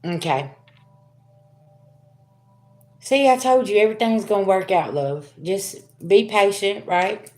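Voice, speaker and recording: A woman's voice: medium pitch, expressive, slow, pauses often, a little mellow, soft background music. A middle-aged woman giving a casual spiritual reading to her viewers, talking to them as y'all in a chatty, laughing way. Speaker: spiritual reader. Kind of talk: casual tarot reading livestream.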